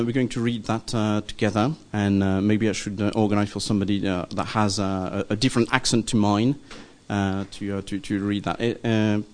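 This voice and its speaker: Guy teaching a bible class, lots of ums and okays, casual lecture. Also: lowish voice. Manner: hesitant, many ums and checking okays. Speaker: teacher of a church study group.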